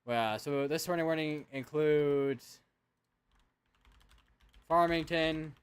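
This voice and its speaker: A man's voice: on the high side, slow pace, smooth. A young man hosting a live severe weather stream, talking casually with lots of fillers and restarts as he checks radar and alerts at his computer.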